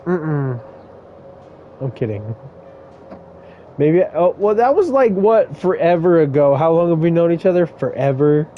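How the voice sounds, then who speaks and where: Man, game commentary, crude rambling jokes, unhurried delivery, slightly raised pitch, dull lo-fi mic, faint hiss. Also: expressive. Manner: rambling, crude, joking storyteller. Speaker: gaming streamer. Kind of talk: casual let's-play commentary.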